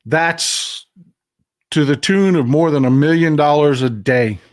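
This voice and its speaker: A man's voice: a little high, unhurried. A man hosting a live news commentary stream, bluntly reacting to viewer comments, emotional and swearing at times. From Texas. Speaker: livestream news commentary host.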